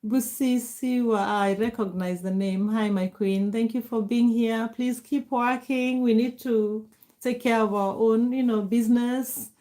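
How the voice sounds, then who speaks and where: Middle-aged woman, livestream host, friendly, chatty, slightly higher voice, laughs easily. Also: steady tone, a little slow. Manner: warm, greets viewers by name, laughs often. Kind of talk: casual livestream chat reading comments.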